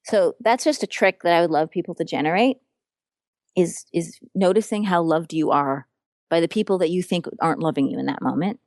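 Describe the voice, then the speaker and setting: A woman's voice: on the low side, fairly quick, a little mellow, dry recording, studio quality. A woman relationship coach talking in an earnest, frank and emphatic way during a podcast interview.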